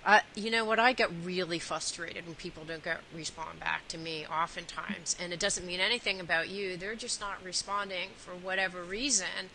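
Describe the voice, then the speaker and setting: A woman hosting an interview, chatty and rambling, full of fillers and restarts. Her voice is bright and forceful, sitting a little low for a woman. A faint hiss runs under the recording. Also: steady tone, normal speed, few pauses, poor audio. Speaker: interview host. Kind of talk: conversational interview.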